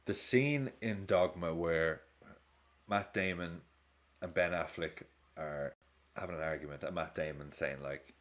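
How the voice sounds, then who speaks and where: A man in his thirties, low-voiced and measured in pace, chats casually during a live football watch-along. He reacts to the match, swears freely, and jumps between topics.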